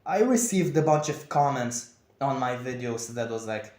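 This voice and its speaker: A young man talking in a confessional vlog, with a monotone, over-enunciated delivery. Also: mid-range voice, moderate pace. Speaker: vlogger. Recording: echoey room.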